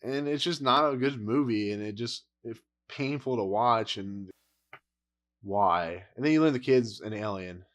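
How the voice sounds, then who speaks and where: A man's voice: mid-range voice, measured pace, fairly bright tone. Man, casual review rant, blunt, exasperated, rambling. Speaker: movie reviewer.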